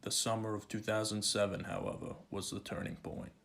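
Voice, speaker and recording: A man giving measured, formal scripted documentary narration. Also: lowish voice, steady tone, vocal fry, a bit bright.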